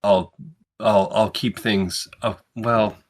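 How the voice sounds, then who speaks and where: A man's voice: fairly low pitch, steady tone, slow pace. A man playing an anxious, awkward character who rambles and doubts himself in a tabletop game. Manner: nervous, rambling, self-doubting. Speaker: player. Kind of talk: in-character tabletop role-play.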